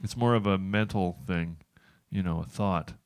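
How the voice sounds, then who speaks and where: A man's voice: deep voice, moderate pace, smooth, no room sound, studio quality. A man of about sixty hosting a casual afternoon show, chatty and self-deprecating with a joking manner. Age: 60s. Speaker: host. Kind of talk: casual chat.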